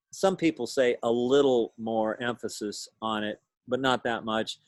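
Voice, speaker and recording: Guy teaching a class on a video call, middle pitch, patient, thinks out loud, dry close sound. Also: dry recording. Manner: patient, explanatory, thinks aloud. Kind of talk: lecture to a class.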